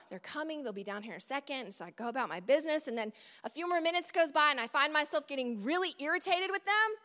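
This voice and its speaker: A middle-aged woman with a high, sharp-toned voice preaches a sermon at a church event, telling it conversationally like a story with asides to the audience. A long hall reverb hangs on the recording.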